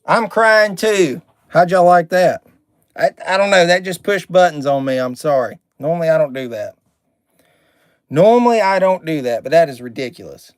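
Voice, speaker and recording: A man's voice: a little high, expressive, brisk, a little mellow, no room sound, clean studio sound. A man hosting a live card break stream, chatting, reading out names and card numbers, and sometimes getting irritated.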